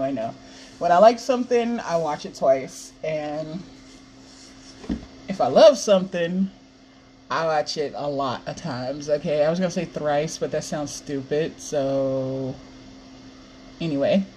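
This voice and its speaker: A woman's voice: fairly low pitch, dark tone, a little hiss or hum. A young woman hosting a solo podcast, hyped up and swearing a lot, with sighs and laughs between her words. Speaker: podcast host. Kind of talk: excited solo podcast rant.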